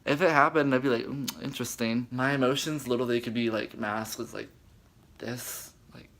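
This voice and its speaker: A man's voice: mid-range voice, steady tone, fast, vocal fry, fairly bright tone. A young man chatting dramatically about a book in a casual reading vlog, full of fillers. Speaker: book vlogger.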